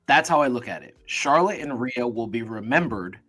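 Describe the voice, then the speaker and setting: A man's voice: mid-range voice, lively intonation, moderate pace, pushed and bright. Firm man pushing back in debate. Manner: firm, contrarian. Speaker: panel guest. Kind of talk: casual panel debate.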